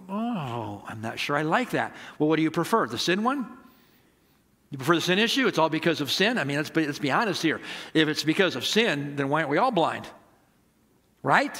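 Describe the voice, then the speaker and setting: A middle-aged male pastor preaches in a bright, forceful voice that sits a little high. He talks to his congregation conversationally, asks them rhetorical questions and acts out both sides of the conversations in his stories. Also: big-room sound. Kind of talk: sermon.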